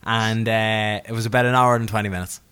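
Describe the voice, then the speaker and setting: A man's voice: fairly low pitch, level tone, a little fast, a bit bright, smooth. A man co-hosting a podcast, chatting casually and telling stories with a laugh. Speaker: podcast co-host.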